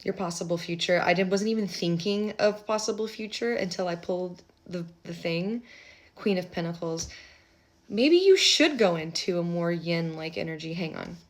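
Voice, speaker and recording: Woman, lower voice, casual tarot reader, rambling and chatty with mumbled asides. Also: normal speed. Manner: chatty, rambling, with offhand asides and soft muttering. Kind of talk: casual live tarot reading.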